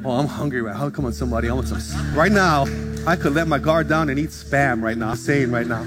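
A man's voice: mid-range voice, brisk, over loud music. A man, a pastor, preaching a sermon and telling a story, acting out each person's voice. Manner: animated, acts out conversations in shifting voices.

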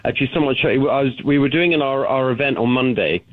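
A man's voice: mid-range voice, quick pace. British man on a tinny phone line. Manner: animated, restarts sentences often. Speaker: guest candidate calling in. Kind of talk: talk radio interview. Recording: phone-line call-in audio.

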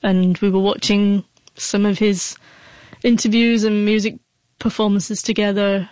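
A woman's voice: mid-range voice, flat delivery, unhurried, darkish tone, no room sound. A woman with a stutter, a guest telling an emotional personal story in an interview, her speech broken by repeated sounds. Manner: emotional, heartfelt. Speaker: guest, author.

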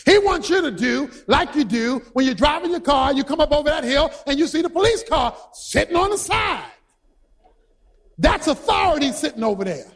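A man preaching a sermon who tells stories with energy, shouts his points and quizzes the congregation. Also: very high-pitched, moderate pace. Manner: animated storytelling, shouting for emphasis, quizzing the congregation.

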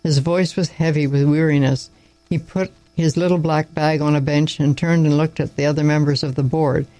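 A man narrating a story aloud in a plain, measured reading with small slips. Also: fairly high pitch, steady tone, mellow, dry recording, rough recording.

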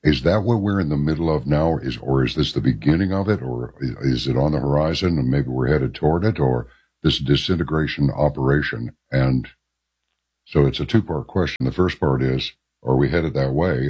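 A man's voice: rumbling low, a little mellow, breathy edge. A man hosting a late-night talk radio show, asking long rambling questions with folksy asides.

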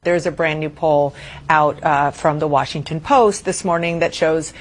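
A woman's voice: low-pitched, steady tone, normal speed. A woman anchoring a cable television news discussion, earnestly reading out poll figures.

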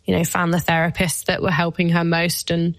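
A woman's voice: fairly low pitch, monotone, fairly quick, no echo. A woman, a guest speaking openly and emotionally, with plenty of "like" fillers. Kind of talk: candid personal conversation.

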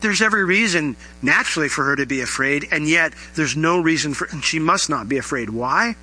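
Bright, animated male preacher. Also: fairly high pitch, brisk, rough recording. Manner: animated preaching, acts out quoted voices. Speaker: pastor. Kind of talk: sermon.

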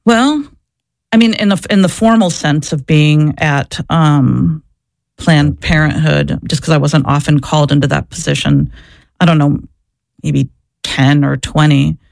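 A woman's voice: low voice, measured pace, creaky, a little mellow, no echo, clean studio sound. A woman and former social worker answering interview questions, telling her story in an earnest, reflective way. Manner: earnest, reflective, searching for words.

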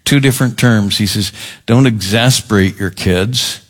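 A man preaching a sermon as pastor, deliberate and emphatic, often repeating key words. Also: lowish voice.

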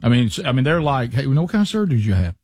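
A middle-aged man, a podcast co-host telling a rambling, animated story in casual chat. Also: mid-range voice, very fast, breathy edge, no room sound, clean studio sound. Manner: rambling, animated anecdotes with restarts.

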